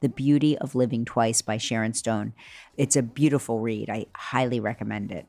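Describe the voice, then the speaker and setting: A woman's voice: rumbling low, fairly even intonation, moderate pace, a little mellow. A woman hosting a talk podcast, enthusiastic and emphatic, laughing easily with her guest. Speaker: podcast host. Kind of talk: casual chat.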